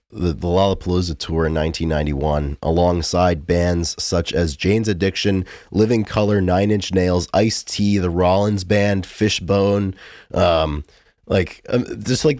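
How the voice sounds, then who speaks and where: A man with a very low voice co-hosts a relaxed music podcast. He talks in loose, rambling runs full of "like" and "um". The sound is dry and close to the mic. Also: no room sound. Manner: rambling, filler-heavy, enthusiastic. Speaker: podcast co-host. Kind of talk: casual music podcast chat.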